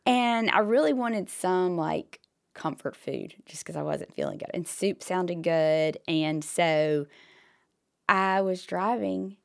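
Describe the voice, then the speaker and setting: A woman with a hoarse voice, co-hosting a podcast and telling a story in animated casual chat with whispered asides. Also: on the low side, takes it slowly. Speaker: podcast co-host.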